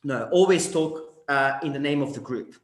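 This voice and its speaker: A man with an Argentine Spanish accent leads an online English class on debate phrases, speaking at medium pitch and normal speed. He sounds hesitant, uses many fillers, and keeps checking in with the group. The sound is roomy.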